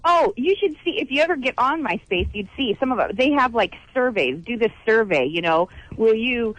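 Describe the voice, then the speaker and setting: A woman's voice: a little high, expressive, moderate pace, fairly bright tone, dry recording, low-quality recording. A woman calls in to a radio show. She rambles and halts, with little giggles. Her voice carries a broadcast radio sound. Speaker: caller. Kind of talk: radio call-in chat.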